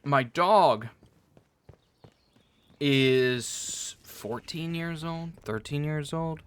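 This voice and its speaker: A man hosting a let's play, rambling through casual gameplay commentary with animated, profane storytelling. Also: a little high, extremely slow, smooth.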